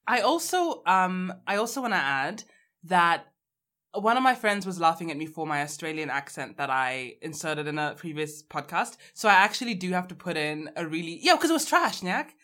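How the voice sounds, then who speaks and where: A woman with a slightly low voice co-hosts a podcast in relaxed, casual chat. She teases and jumps into quick, animated bursts. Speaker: podcast co-host.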